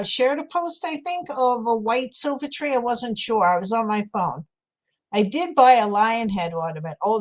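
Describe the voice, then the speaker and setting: A woman with a New York accent hosts a craft livestream and chats with her viewers as she works. Her voice sits a little high, and she laughs easily between chatty remarks. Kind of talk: casual chat while crafting.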